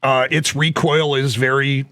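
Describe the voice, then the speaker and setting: A man's voice: medium pitch, little pitch movement, measured pace, pushed and bright. A middle-aged man co-hosting a podcast, rambling with lots of fillers and dry jokes. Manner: rambling, joking, many fillers. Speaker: podcast co-host. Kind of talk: casual chat.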